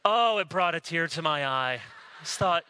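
An American man preaching from the pulpit in a very bright, ringing voice that sits a little above the usual for a man. He tells his stories in a loose, conversational way and leans on dramatic pauses to land each point. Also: fairly high pitch, animated, smooth. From United States. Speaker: pastor. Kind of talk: sermon.

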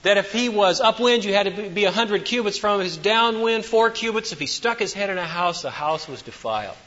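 A man preaching a sermon as pastor, swinging between loud emphatic declarations and hushed asides. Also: high-pitched, animated, a little fast. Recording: dull lo-fi sound with long hall reverb.

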